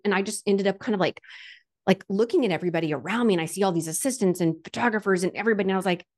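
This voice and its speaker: Racing along in a medium-pitched voice, a woman recounts her personal faith story in a frank, conversational way, peppered with fillers such as "like" and "um." She is earnest and emotional, with occasional self-deprecating humor.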